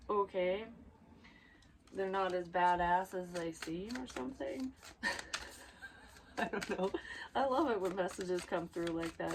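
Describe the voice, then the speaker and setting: A woman's voice: on the low side, background noise. A woman giving a casual tarot reading, rambling and blunt, swearing freely as she goes. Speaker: psychic tarot reader.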